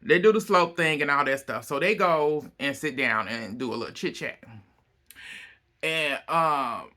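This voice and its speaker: A man casually recapping a reality show, retelling scenes as an animated storyteller. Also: fairly high pitch, unhurried. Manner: animated storyteller, acts out quotes.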